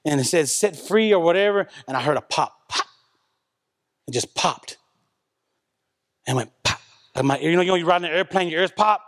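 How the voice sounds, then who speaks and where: At a church service, a man gives an emotional testimony to the congregation about a personal spiritual experience. His voice is fairly high and a bit bright, with lively intonation and a fairly quick pace broken by frequent pauses. He sounds earnest and conversational, repeating himself often and dropping in "man."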